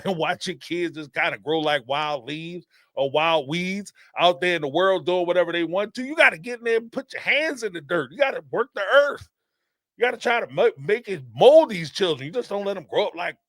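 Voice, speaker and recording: High, animated male live-stream host. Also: dry recording, clean studio sound. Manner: animated and rambling, laughs often, acts out quotes. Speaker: host of a live call-in show. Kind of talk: casual commentary on a live stream.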